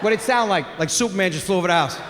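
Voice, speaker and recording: A man in his forties doing a crude, animated stand-up comedy set on a theater stage, with shouted punchlines. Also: high voice, rapid-fire, background noise. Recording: live theater recording with long reverb.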